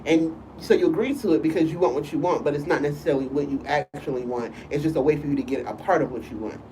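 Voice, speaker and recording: A woman's voice: low-pitched, fast talker, warm tone, slight background noise. A woman co-hosting a casual live-stream chat, talking loosely and often asking "you know what I'm saying". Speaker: co-host and school teacher. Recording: voice a bit far from the mic.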